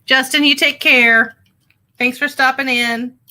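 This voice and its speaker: A woman's voice: sits high, fairly even intonation, a little slow, bright, forceful tone. A woman hosting a casual livestream from home, chatting in a rambling way, with fillers and asides to her viewers. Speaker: livestream host and online reseller.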